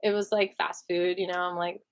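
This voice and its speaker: A woman telling a story in a casual storytime vlog, chatty and animated, laughing often and using lots of fillers. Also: lowish voice, normal speed, clean tone. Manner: animated retelling with many fillers. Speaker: vlogger.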